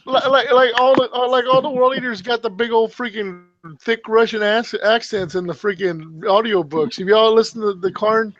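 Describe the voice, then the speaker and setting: A man in casual podcast chat, excitable, stammering and swearing freely. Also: high-pitched, moderate pace, hardly any pauses, no echo. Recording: dull lo-fi sound.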